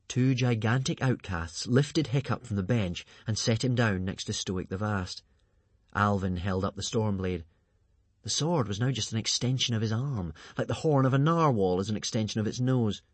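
A man narrating a children's storybook aloud in an expressive, lively way. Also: lowish voice, moderate pace, no room sound. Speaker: audiobook reader.

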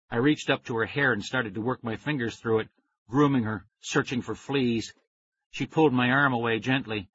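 Guy reading a kids book out loud, kinda husky, dull dry recording. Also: medium pitch, normal speed. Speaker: audiobook reader. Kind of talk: first-person storybook narration.

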